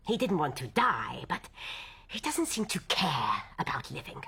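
Middle-aged end housewife, husky, lowish, blunt, worn out. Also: female voice, very animated, moderate pace, fairly bright tone, exaggerated voice. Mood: weary. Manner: blunt, matter-of-fact, worn down. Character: tough weary working-class London housewife. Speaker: wife and host of old friends. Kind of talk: stage drama dialogue.

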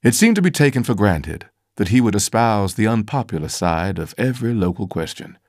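A man reads a first-person audiobook in a measured, formal manner. His voice sits low, and his intonation moves a great deal from phrase to phrase. The recording is dry and close, with no room echo. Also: very animated, a little mellow. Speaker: audiobook narrator.

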